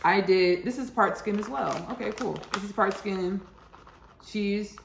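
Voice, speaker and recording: A woman's voice: mid-range voice, measured pace, creaky, echoey room, background noise. A woman hosting a home cooking video in her kitchen, chatting in a rambling, casual way and addressing viewers as y'all. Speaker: home cook and channel host. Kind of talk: casual cooking vlog chat.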